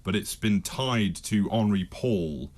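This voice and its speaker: A man presenting stories on a talk show, halting with fillers. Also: lowish voice, animated, a little mellow. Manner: hesitant, many restarts and fillers.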